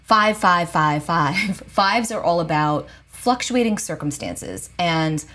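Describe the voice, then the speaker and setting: A woman with a low, steady voice talks straight to her viewers. She gives gentle spiritual advice in a casual, reassuring way. She often stops to check in with a soft "okay?". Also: takes it slowly. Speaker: astrologer and psychic.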